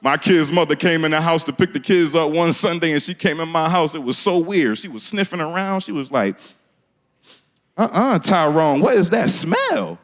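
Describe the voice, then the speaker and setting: A man's voice: fairly high pitch, fairly quick, few pauses, fairly bright tone. A man from doing a stand-up comedy set on a small theater stage, laughing at his own jokes and talking in loose street slang.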